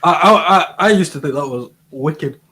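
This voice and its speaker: A man's voice: fairly high pitch, brisk, fairly bright tone. A man co-hosting a live advice stream, talking eagerly and often repeating and restarting words. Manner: enthusiastic, stumbles and repeats words, playful. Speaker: advice show co-host. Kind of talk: casual live-stream banter.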